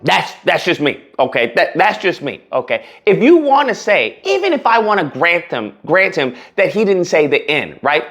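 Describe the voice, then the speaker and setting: Man, casual reaction commentary, animated, mocking, laughing, very lively pitch. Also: normal speed, hardly any pauses. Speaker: commentary channel host.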